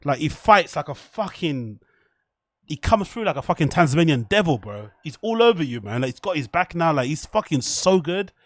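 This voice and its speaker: Fairly high in pitch and at a normal speed, this young man's voice comes through with no echo. On his casual live stream he responds to chat and a fight with excitement, frequent profanity, plenty of laughter and mock French bits.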